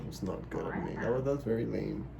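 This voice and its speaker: A man's voice: on the low side, quick pace, creaky, a crowd in the background. A young Bahamian man co-hosting a couples Q&A, making joking asides. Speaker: YouTube couple co-host. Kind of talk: casual couples Q&A chat.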